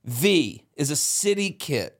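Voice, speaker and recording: A man from outside Boston talks on a podcast, his voice sitting a little high. He is animated and laughs often, breaking into quick asides and restarts. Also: slightly rough. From outside of Boston, Massachusetts. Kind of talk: casual podcast chat.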